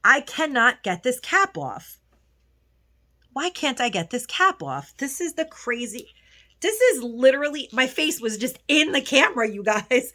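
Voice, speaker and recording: A woman's voice: a little high, very animated, normal speed, sharp tone. A woman beauty vlogger chatting casually at home through a haul, gushing about lipsticks and often restarting her sentences. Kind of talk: casual haul video chat.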